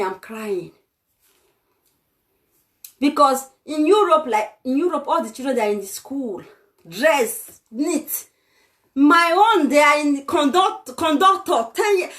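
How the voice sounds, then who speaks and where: Young Nigerian-accented woman, vlogger, heated and scolding, high and lively pitch. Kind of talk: ranting vlog monologue.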